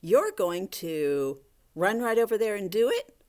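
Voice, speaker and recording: A woman teacher giving a gentle, coaxing video lesson to young children, talking to a puppet. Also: mid-range voice, very animated, a little slow. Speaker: elementary school teacher.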